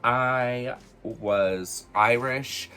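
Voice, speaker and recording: A man casually telling personal stories in an animated, chatty way, full of fillers, for his witchcraft vlog. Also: mid-range voice, drawn-out words, clear, resonant tone, soft background music. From United States. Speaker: witchcraft vlogger.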